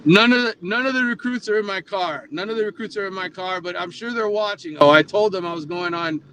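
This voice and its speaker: A sports reporter on a phone call from a moving car, easygoing and laughing, often stammering on a word. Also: male voice, sits high, a little fast, crowd noise. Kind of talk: casual chat. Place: in a car with passengers. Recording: faint road noise.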